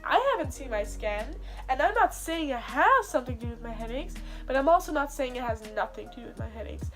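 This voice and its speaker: A woman's voice: high voice, lively intonation, a little fast, over music. A young woman venting to camera while in pain and close to tears, stressing her words by repeating them. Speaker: vlogger.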